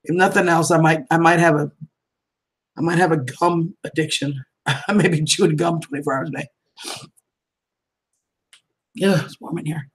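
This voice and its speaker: A woman in her fifties talks straight to her livestream audience in a relaxed, chatty way. Her voice is husky and a little breathy. She greets viewers by name, calls them honey and sweetheart, and laughs often. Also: low voice, normal speed, pauses often, rough recording. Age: 50s. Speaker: livestream vlogger. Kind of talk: casual livestream chat reading viewer comments.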